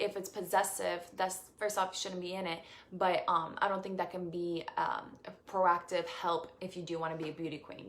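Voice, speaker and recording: A young Puerto Rican woman, a beauty queen, answers fan questions on a casual live stream in a fairly low voice. She's effusive and grateful, with many fillers and restarts.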